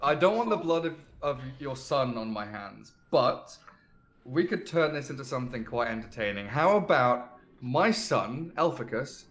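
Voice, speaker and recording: A man's voice: mid-range voice, lively intonation, moderate pace, a bit bright, close to an everyday voice. A man voicing a scheming adventurer father in a tabletop game, sly and amused.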